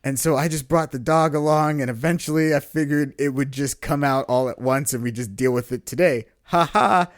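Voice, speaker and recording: Man voicing an embarrassed girlfriend, nervous, giggly, a bit higher. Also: fairly even intonation, fairly quick, few pauses, natural voice. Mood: sheepish. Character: embarrassed young woman girlfriend, sheepish.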